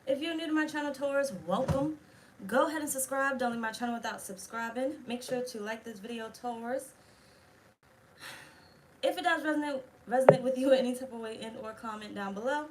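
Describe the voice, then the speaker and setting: A woman's voice: on the high side, fairly quick, background noise. A woman talking casually as a tarot reader, blunt, chatty and full of swearing. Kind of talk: casual tarot video chat.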